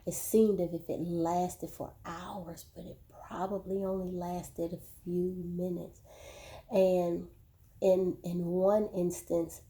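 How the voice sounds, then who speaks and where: A woman slowly sharing a painful personal story straight to her viewers, often repeating words as she goes. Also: fairly low pitch, warm tone. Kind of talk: personal testimony, spoken to viewers.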